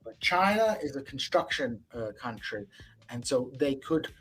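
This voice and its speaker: A man's voice: mid-range voice, sing-song, a little slow, a bit bright, poor audio. A man talking casually as a panelist on a podcast, rambling with lots of restarts. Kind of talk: casual discussion.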